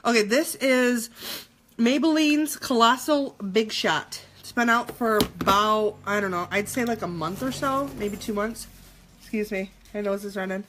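Bright, chatty woman in her thirties. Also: on the high side, measured pace, slight background noise. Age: 30s. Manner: chatty, jokey, swears freely. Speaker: makeup tutorial livestreamer. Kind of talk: casual live makeup tutorial.

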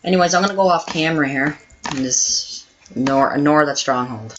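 Excitable bright-voiced woman gaming. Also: low voice, a little fast, a little hiss or hum, low-quality recording. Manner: excitable, exclaiming, swears often. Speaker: gameplay video host. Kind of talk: let's play gameplay commentary.

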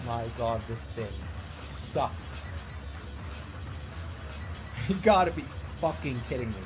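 A man with a mid-range voice and lively intonation takes his time commentating a game on stream. He sounds exasperated, swears, and laughs at how broken it all is, with loud game music in the background.

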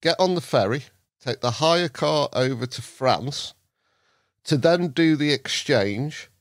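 A man, a podcast guest from England, telling a long anecdote in a lively way, putting on voices and laughing often. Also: fairly high pitch, takes it slowly, dry recording, clean studio sound. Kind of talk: anecdotal storytelling.

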